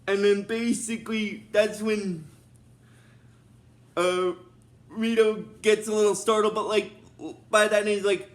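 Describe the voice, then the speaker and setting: High-pitched guy casually recapping an episode, lots of "um" and "and then". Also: flat delivery, slow, long pauses. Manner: rambling, with many fillers. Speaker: show recap host.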